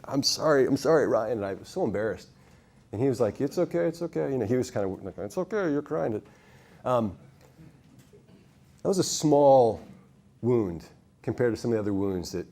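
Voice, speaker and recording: A man speaks to a gathering of men in an unhurried, confessional sermon. His tone is mellow and warm rather than bright, and his pitch sits in a middle range. He halts, repeats words and drops into hushed asides while telling the story. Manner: conversational, halting, with frequent restarts and quiet dips. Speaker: speaker at a men's ministry event.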